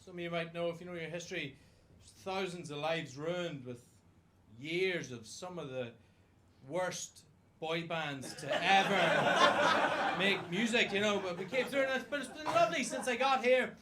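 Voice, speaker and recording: A man's voice: high voice, animated, normal speed, background noise. A man with an Irish accent doing a stand-up comedy set on a club stage, self-mocking and swearing freely. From Ireland.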